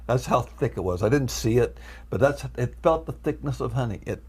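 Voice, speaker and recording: A man giving an emotional testimony as a guest, animated and repeating himself as he acts out his own prayers. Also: medium pitch, fairly quick, slightly rough. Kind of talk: emotional storytelling.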